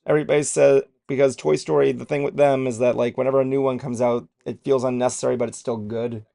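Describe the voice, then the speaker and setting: A man's voice: mid-range voice, flat delivery, fast talker, gravelly, warm tone. A man co-hosting a trailer reaction show in casual chat, rambling and self-deprecating and swearing freely as he goes.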